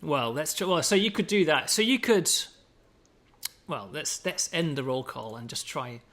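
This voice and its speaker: An English man from England chatting through a gameplay demo in a casual, explanatory way, tossing in "you know" and "right?" as he goes. His voice is fairly high for a man, bright and edgy, with a lot of gravel in it. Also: lively intonation, moderate pace. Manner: fond of British slang. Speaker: game developer.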